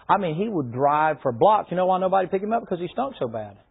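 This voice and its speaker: A man preaches a sermon in a high, husky voice. His style is folksy, and he breaks into shouted bursts. The sound is thin and tinny, like a phone line. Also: expressive, rapid-fire, few pauses. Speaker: pastor.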